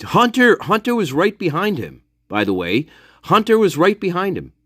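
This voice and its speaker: Fairly high-voiced male commentator, sarcastic and profane, sound dry and close. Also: wildly swooping pitch, moderate pace, fairly bright tone, no room sound. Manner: heavy swearing, repeats himself for emphasis; sarcastic, mocks others in put-on voices. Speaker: true-crime commentator. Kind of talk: angry, profane live commentary.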